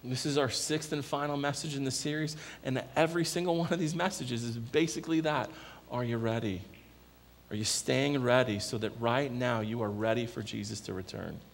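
Gravelly-voiced pastor preaching in a hall. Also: male voice, mid-range voice, moderate pace, slight background noise. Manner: earnest, repetitive rhetorical questions. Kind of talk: sermon. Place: church sanctuary. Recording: echoey church hall with long reverb.

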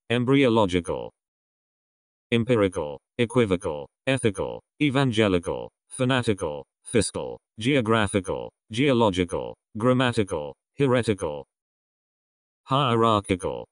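Male reader, low lively voice, dry close sound; one word at a time for vocabulary drills. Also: no room sound. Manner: reads single words one by one, evenly spaced. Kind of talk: reading word lists aloud.

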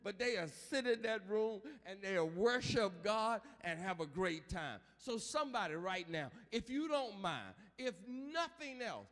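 A male pastor preaching a funeral sermon, calling out to the congregation for amens and building up to shouts. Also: high voice, big pitch swings, measured pace, few pauses, soft background music. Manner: call-and-response preaching, rising to shouts. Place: large church sanctuary. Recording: long church reverb.

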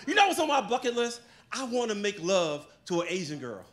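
A man performing a brash stand-up comedy set, loud and often shouting. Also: high voice, sing-song, fairly quick.

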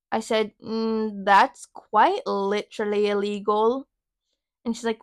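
A young woman in her twenties hosting a podcast, telling a work story in a sassy, profane, animated way. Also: medium pitch, slow, no room sound, studio quality. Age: young adult. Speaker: podcast host. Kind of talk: casual storytelling rant.

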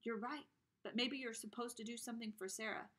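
A woman voicing the gentle ghost of a young boy in a story read aloud, speaking softly and reassuringly. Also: fairly high pitch, steady tone, brisk.

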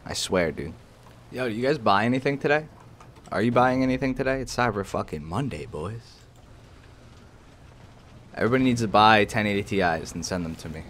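A young man casually commentating his own tank gameplay, excitable and profane, often jumping into loud outbursts. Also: lowish voice, moderate pace, pauses often. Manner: excitable, profane, bursts into shouts. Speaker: gaming channel host. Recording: faint game noise behind. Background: game artillery and battle noise.

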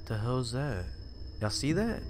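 A young man commenting on a horror game as he plays, joking and reacting, dropping to mutters and jumping to yells. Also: mid-range voice, sing-song, unhurried, background noise. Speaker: gaming YouTuber. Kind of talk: let's play commentary.

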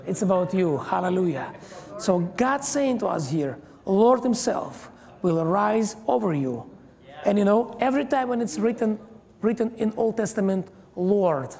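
Gravelly preaching man in echoing church. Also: sits high, darkish tone. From Israel. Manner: emphatic preaching, frequent hallelujahs, halting non-native phrasing. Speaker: guest pastor. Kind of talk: sermon. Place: church hall. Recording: long reverb of a large church hall.

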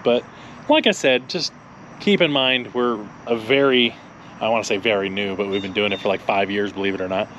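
A man's voice: lowish voice, fairly quick, dull audio, background noise. A man co-hosting a car vlog, telling a road-trip story in a rambling way with a lot of laughing. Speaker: co-host of car channel. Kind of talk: casual chat, storytelling.

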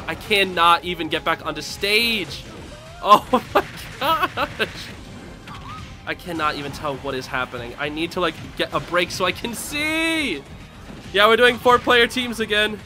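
A young man gives excitable, laughing commentary while playing a fighting game, with sudden loud outbursts. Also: high voice. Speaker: gaming channel host. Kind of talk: casual live game commentary. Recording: game music behind.

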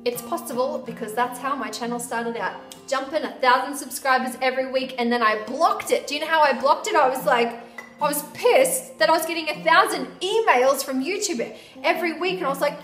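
A woman's voice: high-pitched, brisk, a bit bright. A woman vlogging to camera, gushing and affectionate, who keeps calling the viewer "my love.". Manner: bubbly and upbeat. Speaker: wellness vlogger. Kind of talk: excited talk to camera. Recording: echoey room with faint background music.

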